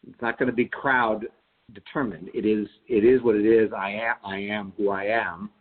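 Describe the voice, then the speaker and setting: A man's voice: fairly low pitch, steady tone, moderate pace, breathy edge. A man on a Bible study call-in who thinks aloud and often restarts his sentences. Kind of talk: reflective casual discussion. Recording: tinny phone line.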